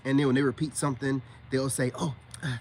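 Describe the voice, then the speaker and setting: A fast-talking man with a darkish, mid-range voice and little pitch movement, recorded over slight background noise. He's a self-styled spiritual coach livestreaming casually, teasing viewers in a drawl and repeating "you know what I'm saying."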